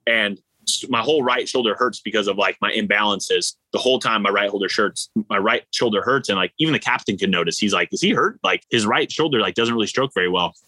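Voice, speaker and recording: A man, an endurance athlete, telling stories in a casual interview, animated and rambling with lots of fillers. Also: on the low side, quick pace, no room sound, rough recording. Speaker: ultra-endurance athlete guest.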